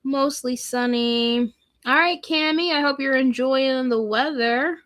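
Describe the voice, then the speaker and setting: A woman's voice: high-pitched, takes it slowly, fairly bright tone. A woman hosting a casual livestream, chatting with viewers and reading weather forecasts aloud. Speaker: livestream host.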